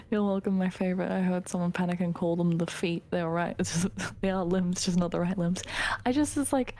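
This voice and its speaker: A woman's voice: lowish voice, moderate pace. Tired, giggly woman streamer. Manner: laughs often, drifts into soft whispers. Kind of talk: casual chat reading viewer comments.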